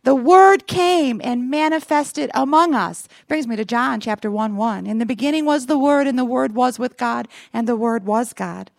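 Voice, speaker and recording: A woman's voice: a little high, normal speed, creaky, few pauses, no room sound. A woman pastor preaching a Christmas sermon, calling on the congregation to repeat after her. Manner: preaching with call-and-response asides to the congregation.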